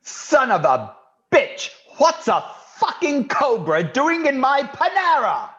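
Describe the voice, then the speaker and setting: A man voicing a foul-mouthed, hostile male fast-food worker in a bad put-on English accent. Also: very high-pitched, huge pitch swings, bright, forceful tone, dull audio, voice pushed up, full character voice. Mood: outraged. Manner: swearing, threatening, drawn-out menace.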